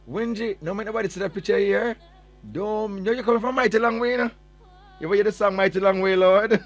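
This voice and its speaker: A man's voice: sits high, expressive, a little fast, soft background music. A man with a Jamaican accent hosting a morning radio show, teasing listeners playfully and mixing patois into his English. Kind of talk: morning radio chat, reading out listener messages.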